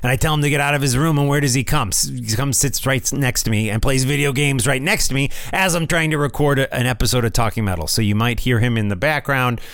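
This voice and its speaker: A man hosts his own podcast alone from a room at home, talking in a loose, chatty way. He often stumbles, repeats words and calls his listeners "man." His voice sits at an ordinary middle pitch, and the sound is close and dry. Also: fast, hardly any pauses, fairly bright tone, dry recording. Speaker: podcast host. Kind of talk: casual solo podcast monologue. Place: room at home with family nearby.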